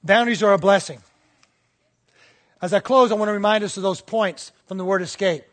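His voice sits high, and he moves at a moderate pace with frequent pauses. This male pastor preaches conversationally, often checking in with the congregation while telling little stories and voicing the people in them.

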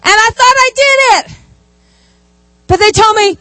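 A woman giving a sermon, telling stories in a lively way with asides. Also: extremely high pitch, unhurried, no echo. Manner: animated storytelling with asides. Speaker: preacher.

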